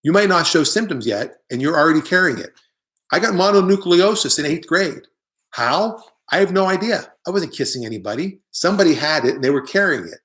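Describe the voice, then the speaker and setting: A man's voice: a little high, expressive, a little fast, fairly bright tone. A middle-aged man hosting a live online show, delivering a rambling, opinionated comic monologue with jokey asides while he answers viewer comments.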